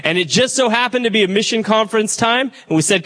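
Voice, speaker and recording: A man's voice: sits high, quick pace, bright, forceful tone. A man, the church's pastor, chatting to the congregation as he introduces a guest speaker. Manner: conversational, addresses the crowd directly.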